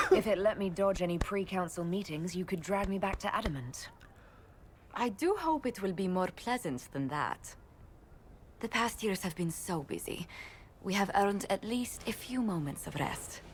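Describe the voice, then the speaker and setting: A woman's voice: mid-range voice, animated, normal speed, slight background noise, natural voice. An actress voicing a refined, polite noblewoman diplomat in a fantasy video game, speaking formally and graciously. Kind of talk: video game character dialogue.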